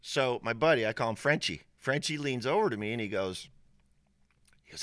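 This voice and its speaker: Man, middle-aged, animated storyteller, laughs a lot, dry close mic. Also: medium pitch, quick pace, dry recording. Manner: animated, laughs often, acts out quoted voices. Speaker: interview guest, musician. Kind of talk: casual storytelling.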